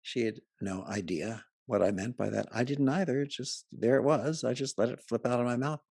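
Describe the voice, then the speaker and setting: A man tells jokes and anecdotes to a live audience in a chatty, amused way. His voice has a gravelly, fry-edged texture. The sound is dry and close, with no room echo. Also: mid-range voice, normal speed, a little mellow. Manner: joking, chatty storyteller who laughs at his own stories. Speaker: speaker presenting to a live audience. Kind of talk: humorous talk with anecdotes and jokes. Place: live event before an audience.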